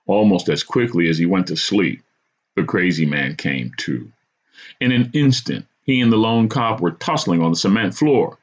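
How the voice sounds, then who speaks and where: Deep-voiced man telling a dramatic story. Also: husky. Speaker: podcast host and storyteller. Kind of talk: first-person storytelling. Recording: dull lo-fi recording.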